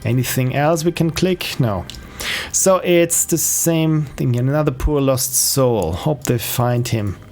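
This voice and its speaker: A man's voice: mid-range voice, takes it slowly, a little mellow, soft background music. A man streaming games, casually thinking aloud with fillers while he plays. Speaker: game streamer. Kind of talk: casual live-stream commentary.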